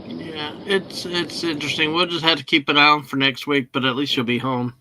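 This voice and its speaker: Slightly high, bright man, relaxed joking host, car stream with faint background noise. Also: a little fast, rough recording. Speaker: host of a live driving stream. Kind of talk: casual chat.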